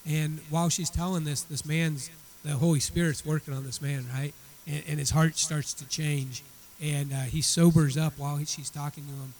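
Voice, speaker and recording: A man's voice: a little high, level tone, moderate pace, a little mellow, rough recording. A man teaching a church Bible study. He retells a story in a conversational way and often repeats words as he restarts his sentences.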